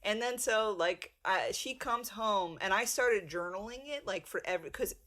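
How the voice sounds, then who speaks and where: A woman's voice: medium pitch, moderate pace, sharp tone. Woman rambling through a laughing story. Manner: rambling, laughs mid-story, swears casually. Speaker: podcast co-host. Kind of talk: casual storytelling chat.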